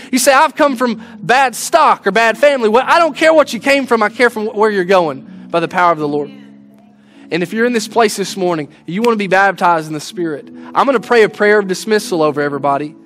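Earnest pastor with a high voice. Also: male voice, a bit bright. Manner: earnest, folksy, restarts words often. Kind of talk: sermon with closing prayer.

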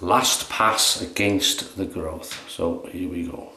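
Slow, relaxed man vlogging. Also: deep voice, background noise. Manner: relaxed, chatty, self-mocking. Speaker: shaving vlogger. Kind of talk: casual narration while shaving. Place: bathroom at home. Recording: echoey bathroom.

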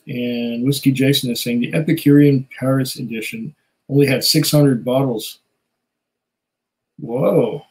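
A man's voice: medium pitch, darkish tone, poor audio. A man hosting a casual live stream, chatting loosely with many fillers and small laughs while reading viewer comments. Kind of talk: casual chat.

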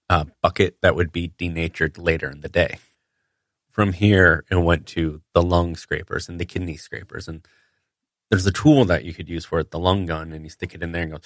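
Man, very low voice, dry, matter-of-fact, casual explaining, butcher podcast host. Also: no echo. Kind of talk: casual storytelling.

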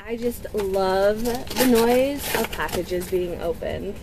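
A woman in her twenties, gushing and excitable in a casual unboxing vlog at home, with gasps and squeals. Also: mid-range voice, takes it slowly, background noise. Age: 20s. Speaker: book vlogger.

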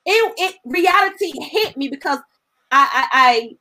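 High bright-voiced woman giving a testimony. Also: animated, a little slow. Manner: earnest and emotional, with a colloquial storytelling delivery. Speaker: evangelist giving a testimony as guest. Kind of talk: personal testimony in conversation.

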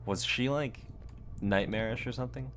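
A man giving casual, jokey let's-play commentary on a horror game, reacting quickly with nervous laughter. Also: mid-range voice, fairly bright tone, a little hiss or hum. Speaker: gamer playing a horror game.

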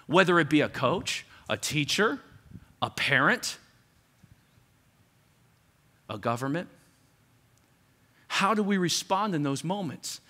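Animated male pastor, lively bright voice. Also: fairly high pitch. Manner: animated, acts out quoted parents with raised voice. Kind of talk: sermon.

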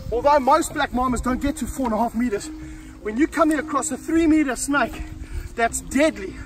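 An excitable man with a high voice, recorded outdoors near snake enclosures. He is heard from some way off the camera mic, with faint music underneath as he whoops and talks straight to his viewers. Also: moderate pace, far from the mic. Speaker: wildlife handler and host. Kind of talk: energetic outdoor wildlife demonstration.

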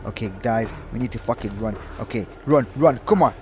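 A young gaming commentator works through a horror game let's play, swearing all the time, jumpy, yelping and shouting in panic. He speaks fairly quickly in a mid-range voice.

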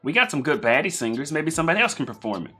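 A man hosting a live-stream reaction, chatting casually and thinking out loud in a rambling way. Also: on the high side, big pitch swings, racing, slightly rough.

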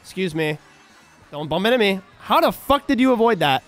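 Man, game streamer, casual chat, profane, sudden shouts, bouncy intonation. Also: high-pitched, sing-song, fairly quick. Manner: mimics other people in anecdotes.

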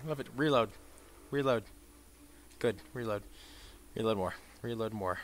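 A young man giving crude, profane commentary over a shooter game, swinging between mumbled asides and shouted bursts. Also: mid-range voice, slow pace, long pauses, no room sound. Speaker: gameplay commentator. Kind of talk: let's play commentary.

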